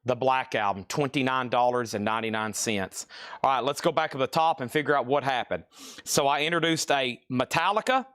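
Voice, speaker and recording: A man hosting a live-stream record auction, rattling off prices and bids in quick, playful sales patter. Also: mid-range voice, fairly bright tone.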